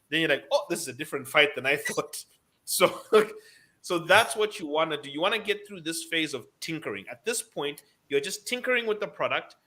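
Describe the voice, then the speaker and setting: A man's voice: fairly high pitch, sharp tone. A man hosting a radio business show, giving emphatic advice and repeating his key points. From Zambia.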